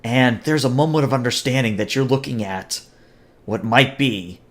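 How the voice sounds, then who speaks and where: A man narrating a tabletop game as game master, relaxed, with frequent fillers. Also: mid-range voice, normal speed.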